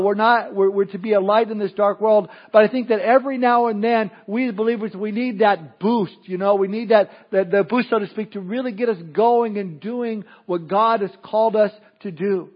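A man preaching a sermon as pastor, folksy with joking asides and prayer. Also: sits high. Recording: dull lo-fi sermon recording.

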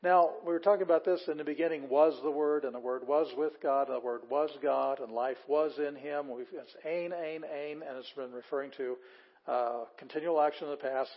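An older man teaching a class in a patient, explaining way, often pausing with fillers and restarting sentences. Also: a little high. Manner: plain, patient explaining with fillers and restarts, reading words slowly aloud. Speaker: Bible Greek teacher. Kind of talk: classroom lecture. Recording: dull, lo-fi lecture recording.

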